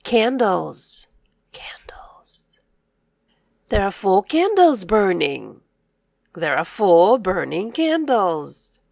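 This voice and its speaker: A woman teaching young children to read. She speaks slowly and clearly, says each word aloud, then echoes it in a whisper. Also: medium pitch, very animated, darkish tone, clean studio sound. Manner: slow, clear, encouraging delivery for young learners. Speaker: reading teacher. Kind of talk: scripted children's reading lesson.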